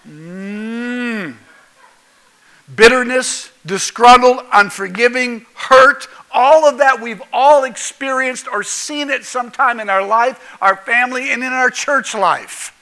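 High, bright-voiced man preaching. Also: a little slow, poor audio. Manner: folksy, jokey, asks the crowd questions. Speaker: pastor. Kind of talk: sermon.

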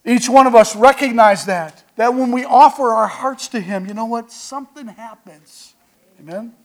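A man preaching as pastor, telling folksy stories with call-and-response asides and swinging from quiet remarks to loud bursts. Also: very high voice, moderate pace. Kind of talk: sermon.

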